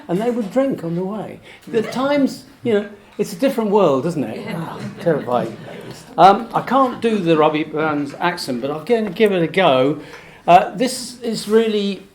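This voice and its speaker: Lively rambling man telling a club anecdote. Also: fairly high pitch, a little hiss or hum. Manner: rambling, chuckling, slows down to recite. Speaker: folk club performer reading a poem. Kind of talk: anecdote and humorous poem recitation. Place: folk club room with an audience.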